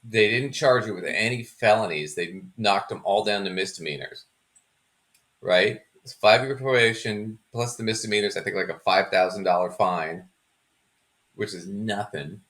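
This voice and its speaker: A man's voice: fairly low pitch, moderate pace, a bit bright. A man hosting a podcast in a casual, joking chat, laughing often as he talks. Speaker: podcast host.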